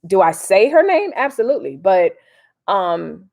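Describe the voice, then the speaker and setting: A woman's voice: medium pitch, very animated, a little slow, gravelly, a little mellow. A woman hosting a casual live stream, chatting in a slangy, direct way to her viewers. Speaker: livestream host.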